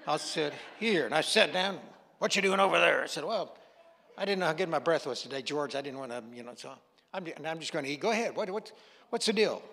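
Male pastor, folksy sermon storyteller, acts out dialogue, somewhat high pitch, reverberant sanctuary. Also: creaky, a bit bright. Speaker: guest pastor. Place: church sanctuary. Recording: long hall reverb.

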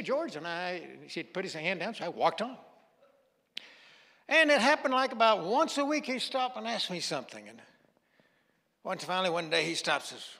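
A man's voice: high-pitched, creaky, pushed and bright. A man preaching as a guest pastor, telling a story in a folksy way and acting out the dialogue. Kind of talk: sermon storytelling. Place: church sanctuary. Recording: long hall reverb.

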